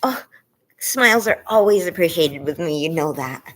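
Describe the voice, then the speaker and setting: Woman streamer, sore throat, husky and lowish, weary apologetic chat with lively pitch swings. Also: normal speed. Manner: soft, weary and apologetic, baby talk to her pet. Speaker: livestream host. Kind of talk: casual livestream chat. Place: front yard, outdoors.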